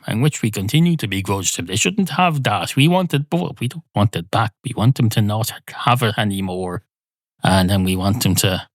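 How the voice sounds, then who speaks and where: Irish male podcast host, dry deadpan rambler, mid voice, dry close mic. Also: medium pitch, no room sound. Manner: deadpan, wry, digressive, swears casually. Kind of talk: rambling comic monologue. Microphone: close studio mic.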